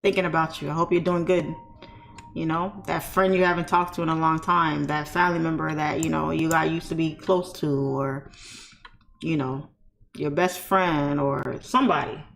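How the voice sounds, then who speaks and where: A woman's voice: sits low, creaky, slight background noise. A woman streamer in casual, heartfelt chat, talking candidly and rambling with lots of "you know" fillers. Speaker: trading streamer.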